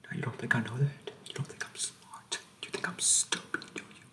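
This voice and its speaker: A man voicing a crude, menacing old drill sergeant in a comic skit, talking in a hushed, drawling whisper and repeating himself. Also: mid-range voice, steady tone, moderate pace, lightly acted.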